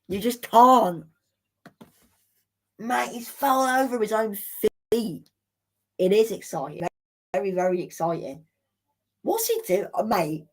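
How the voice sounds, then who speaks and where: A woman hosting a live football watchalong, commenting in an excitable, exclamatory way with indignant rants. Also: mid-range voice. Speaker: watchalong host.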